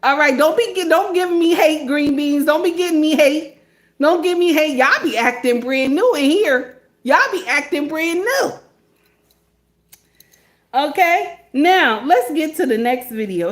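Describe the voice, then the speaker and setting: A woman hosts a casual reaction video. She talks in an animated way, circling back to repeat phrases and checking in with her viewers. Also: high-pitched. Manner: animated, repeats phrases, says okay constantly.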